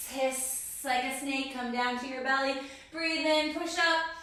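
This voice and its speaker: A woman's voice: high voice, steady tone, slow pace, bright, forceful tone. A woman guiding a children's yoga class, encouraging and cueing each breath and pose. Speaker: kids yoga instructor. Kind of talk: guided kids yoga class. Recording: echoey room, voice from a distance.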